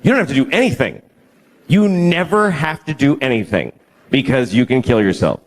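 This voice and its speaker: Deadpan man in his forties doing dark stand-up. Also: mid-range voice, moderate pace. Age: 40s. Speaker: stand-up comedian. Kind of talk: stand-up comedy. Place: stage in a comedy venue.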